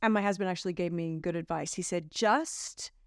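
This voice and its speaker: A woman's voice: lowish voice, fairly quick, dry recording, clean studio sound. A middle-aged woman with an Australian accent, an actress chatting casually in an interview, telling stories with playful quoted asides.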